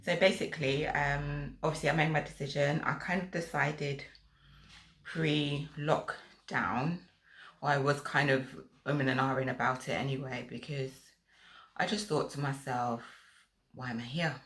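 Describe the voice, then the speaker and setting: A young woman with a South London accent talks to her vlog camera in a low, easy voice. She rambles, teases herself and fills her pauses with ums as she chats casually. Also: fairly even intonation. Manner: chatty, rambling, self-mocking, lots of fillers. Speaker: vlogger.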